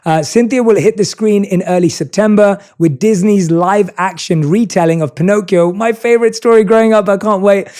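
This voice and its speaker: A man with a North London accent hosting an interview, chatty and enthusiastic, introducing his guest and trading quick asides. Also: high-pitched, darkish tone. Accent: North London English. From England. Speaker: podcast host. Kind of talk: warm conversational interview.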